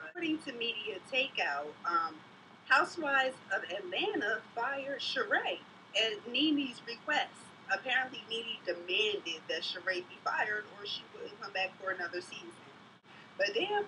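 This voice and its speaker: A woman's voice: a little high, very animated, a little slow, pushed and bright, distant mic, a little hiss or hum, poor audio. A mother vlogging in casual chat, gossiping bluntly and telling stories in an outspoken way.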